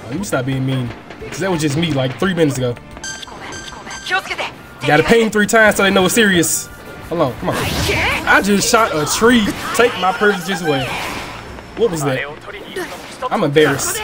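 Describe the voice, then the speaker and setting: Brief: male gaming host, hyped and slangy, swings his pitch all over, loud game music under him. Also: moderate pace, pauses often. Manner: excitable, trash-talking, slangy. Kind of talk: live gameplay commentary.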